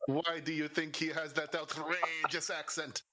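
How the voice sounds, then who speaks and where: A man's voice: fairly high pitch, flat delivery, measured pace, sharp tone. A man playing a tabletop role-playing game, tossing out joking, teasing quips. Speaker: player. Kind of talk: casual banter during tabletop game.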